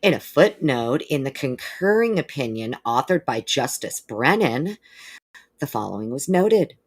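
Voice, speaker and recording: A woman's voice: very deep voice, sing-song, measured pace, slightly rough. A woman hosting a live stream, reading court documents aloud and breaking off now and then for wry casual remarks. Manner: reads legal text steadily, breaking off for wry remarks.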